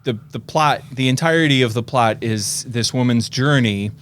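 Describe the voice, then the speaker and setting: A man's voice: mid-range voice, normal speed, a bit bright, clear, resonant tone. A man hosting a film podcast, talking casually and enthusiastically about movies. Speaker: podcast host. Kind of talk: casual chat.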